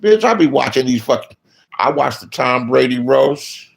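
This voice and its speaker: A man ranting casually as a streamer giving commentary, blunt and profane, swinging between low mutters and loud outbursts. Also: lively intonation, normal speed, creaky.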